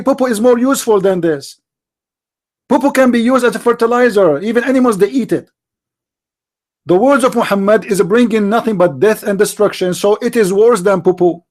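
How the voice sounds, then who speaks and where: Man, live call-in host, blunt, mocking, broken grammar, high voice. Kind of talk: unscripted live talk.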